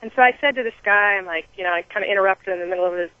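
Woman guest, animated storyteller, restarts a lot; dull dry recording. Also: medium pitch, racing, dry recording. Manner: animated storytelling with many restarts and acted-out quotes. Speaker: guest runner. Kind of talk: telling a story on a podcast.

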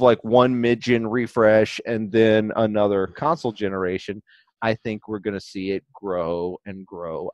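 A man's voice: fairly low pitch, a little mellow, no room sound. A man co-hosting a podcast in casual chat, rambling and often restarting his thoughts. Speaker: podcast co-host.

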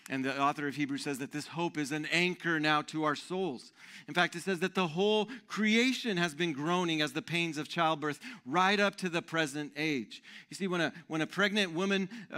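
Bright, animated male pastor preaching. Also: a little high. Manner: conversational, animated preaching with tag questions. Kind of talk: sermon.

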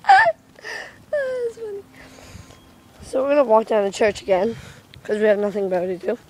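A chatty young woman with a fairly high voice, talking casually into a handheld camera for her vlog. She is giggly and swears offhandedly. A faint hiss of wind and noise sits behind her. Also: wildly swooping pitch, unhurried. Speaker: vlogger. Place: kitchen, then outdoors in a windy yard.

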